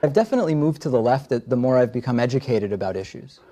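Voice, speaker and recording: A man's voice: mid-range voice, expressive, fast, dark tone. A man speaking as a guest in a talk show interview, dry and wry, answering with pointed questions of his own.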